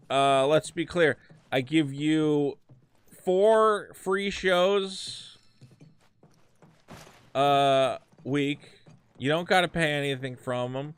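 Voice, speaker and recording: A man's voice: a little high, slow, long pauses, clean tone. A man streaming a video game, chatting casually and ranting with a lot of swearing. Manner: profane, ranting, animated. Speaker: streamer and podcast host. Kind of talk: casual gameplay commentary.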